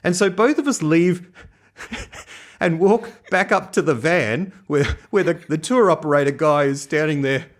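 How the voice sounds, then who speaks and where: An Australian man co-hosting a podcast, telling an animated story in casual chat with frequent laughter. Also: on the high side, a little slow. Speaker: podcast co-host.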